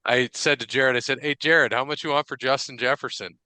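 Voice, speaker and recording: A man co-hosting a sports podcast in casual chat, telling animated, profane stories full of quoted dialogue. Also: mid-range voice, brisk, no echo. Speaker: podcast co-host.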